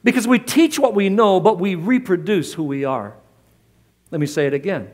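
A man's voice: high-pitched, very animated, moderate pace. A middle-aged pastor preaching a sermon in church, emphatic and repeating his key lines.

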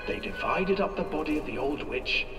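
Brief: male ride narrator, dramatic storybook telling, lively high voice, distant with music under it. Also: normal speed. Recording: echoey, distant, long reverb.

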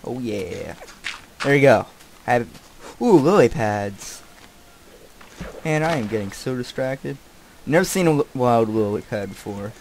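An easily distracted young man talking his way through a game, jumping from one thing to the next. He breaks into loud outbursts and swearing at the characters on screen. Faint noise and clicking sit under his voice. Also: mid-range voice, lively intonation, measured pace, pauses often. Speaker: gameplay commentator. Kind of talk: casual game commentary.

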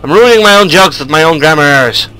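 An excitable man commentating a video game, cracking jokes and yelping at what happens on screen. His voice is bright and fairly high, and it leaps up and down a lot. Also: fast, rough recording. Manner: excitable, joking, yelps at the game. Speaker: let's play host. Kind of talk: gameplay commentary.

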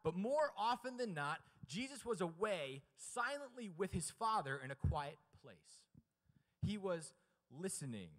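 A man delivering a chapel sermon, shifting from hushed, low passages to loud, high, emphatic preaching and calling on the audience to answer. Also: sing-song, unhurried, in a large hall. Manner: asks the audience questions and urges them to answer. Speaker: chapel speaker. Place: college chapel.

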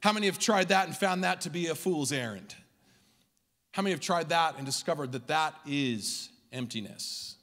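Male pastor, high voice, rhythmic sermon, long church-hall reverb. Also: expressive, normal speed. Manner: rhythmic preaching, swings from loud to hushed. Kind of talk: Christmas Eve sermon. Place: church sanctuary.

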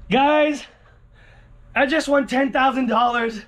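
A man vlogging a lottery scratch-off, talking excitedly to his viewers, repeating exclamations and swinging from hushed murmurs to yelling. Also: very high voice, takes it slowly, long pauses. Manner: exclamatory, keeps repeating himself and calling out to viewers. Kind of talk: excited casual vlog commentary.

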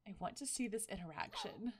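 A woman narrating her game playthrough in a casual, chatty way. Her pitch bounces around in an animated, expressive sweep. She reacts excitably, with gasps and laughter. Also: fairly quick. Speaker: gaming video host. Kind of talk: casual let's-play commentary.

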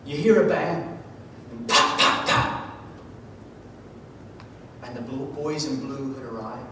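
A man from Georgia preaching a sermon, telling a story with drama, swinging from loud to hushed. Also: normal speed. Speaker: pastor. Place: church sanctuary. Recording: echoey church hall from far off, faint rumble.

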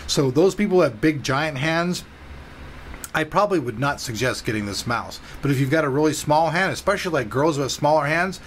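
A man's voice: on the high side, expressive, brisk, fairly bright tone, slight background noise. A man hosting a casual, enthusiastic tech unboxing review, talking to viewers with a sore throat. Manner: chatty, enthusiastic, talks straight to viewers. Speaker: tech reviewer and channel host.

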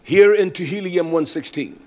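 An older man preaching a sermon as pastor, swinging from shouted climaxes to hushed storytelling, with frequent "uh" fillers. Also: high-pitched, normal speed.

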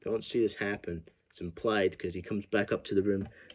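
Low-voiced man swearing through a film recap. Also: fairly even intonation, fairly quick, husky. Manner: rambling, profane, laughs often. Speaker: film reviewer. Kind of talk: casual movie recap.

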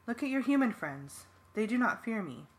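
A woman reading as the Ellimist, a calm ancient being. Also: fairly high pitch, normal speed. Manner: calm, formal and reassuring. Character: ancient glowing male alien being, calm and commanding. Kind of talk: fan audiobook reading.

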